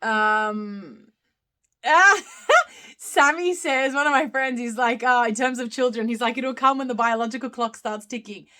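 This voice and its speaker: A woman's voice: fairly high pitch, measured pace, pushed and bright. A woman in her thirties with an Australian accent, hosting a casual live-stream Q&A where she reads out comments and answers them, often giggling. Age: 30s. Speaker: live Q&A host.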